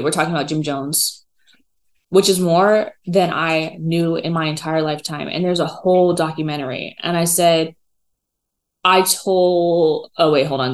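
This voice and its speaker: A woman hosting a casual solo podcast from her dining room table, telling a story in a rambling, animated way with lots of fillers. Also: sits low, unhurried, poor audio. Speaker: podcast host. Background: dog running around.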